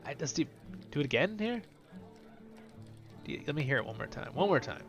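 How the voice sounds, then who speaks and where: A man's voice: on the high side, very animated, brisk, vocal fry, lo-fi sound, music in the background. A man hosting a gameplay stream, chatting casually in a rambling, self-deprecating way. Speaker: host and streamer.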